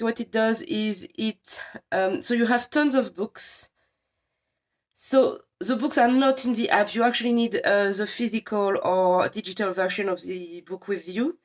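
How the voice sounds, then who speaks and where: Chatty woman presenting for a library. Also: on the high side. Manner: chatty and enthusiastic, many pauses. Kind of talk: casual live app demo.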